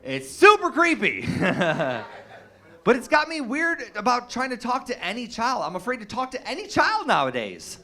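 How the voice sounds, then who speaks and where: A man's voice: very high-pitched, wildly swooping pitch, moderate pace, pushed and bright. A young adult man doing a stand-up comedy set, telling stories in a loose, profane way with lots of fillers and restarts. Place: comedy stage with a live audience.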